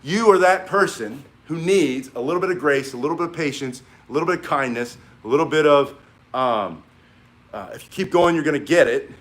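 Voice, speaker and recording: A man's voice: a little high, expressive, brisk, a bit bright. A middle-aged man teaching a martial arts class in a casual, encouraging way, rambling with fillers and restarts.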